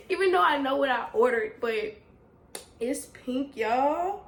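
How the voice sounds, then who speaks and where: Excitable young woman. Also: sits high, slow, long pauses, roomy sound. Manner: gushing, excitable, talks straight to viewers with "y'all". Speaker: vlogger. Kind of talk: casual unboxing vlog.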